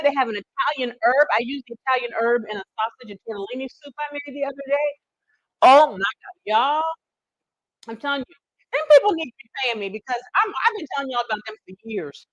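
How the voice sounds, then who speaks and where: Here a woman's high-sitting voice comes through a low-quality recording with no echo. Folksy and talkative, she runs a casual live cooking demonstration, addressing her viewers head-on with playful, teasing remarks.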